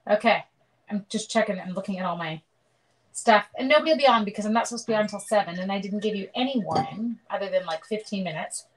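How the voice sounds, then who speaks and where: Woman, middle-aged, chatty live-stream craft host, casual, greets viewers, mid-pitched voice. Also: quick pace, poor audio. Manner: chatty, greets viewers by name as she works. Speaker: papercraft demonstrator hosting a live stream.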